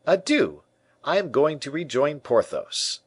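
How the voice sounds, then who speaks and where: Man reading as a suspicious musketeer, lively up-and-down voice, dry close sound. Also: mid-range voice, measured pace, breathy edge, dry recording, exaggerated voice. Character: shrewd, suspicious male musketeer.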